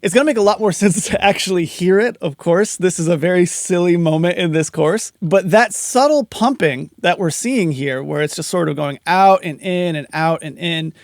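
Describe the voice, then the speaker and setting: A man's voice: on the high side, vocal fry, no room sound, studio quality. A man teaching audio compression in a casual, step-by-step tutorial, talking through each setting as he goes. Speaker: audio mixing instructor. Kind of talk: screen-recorded tutorial explanation.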